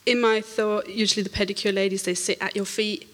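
A woman telling an animated church testimony, laughing often and acting out the voices in her story. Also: medium pitch, brisk. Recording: reverberant hall.

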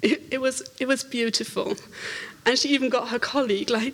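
Animated woman telling a story in a hall. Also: a little high, a little fast. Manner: animated, laughing, acts out quoted voices. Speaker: church testimony speaker. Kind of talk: storytelling testimony. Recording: reverberant hall.

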